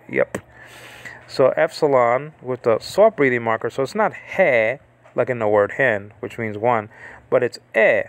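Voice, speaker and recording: A Bible Greek teacher with a medium-pitched, slightly bright voice gives an informal lesson on reading New Testament Greek. The recording is dry, and he often restarts and repeats words to drill pronunciation.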